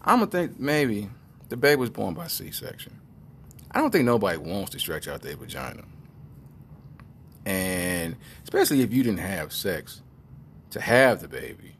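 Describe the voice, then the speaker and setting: A man doing joking commentary in an animated, jokey storytelling manner. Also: lowish voice, moderate pace, long pauses, slight background noise. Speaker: online commentator.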